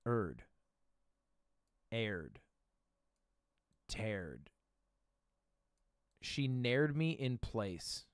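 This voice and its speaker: A man's voice: fairly low pitch, very animated, drawn-out words, pauses often, clear, resonant tone, no echo, clean studio sound. A young man streaming, thinking aloud through a word game, muttering guesses and swearing often. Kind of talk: casual gaming commentary.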